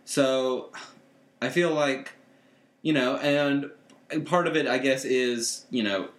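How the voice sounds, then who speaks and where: A man's voice: mid-range voice, slow. A man co-hosting a podcast in casual chat, rambling and often restarting his sentences. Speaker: podcast co-host. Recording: echoey room.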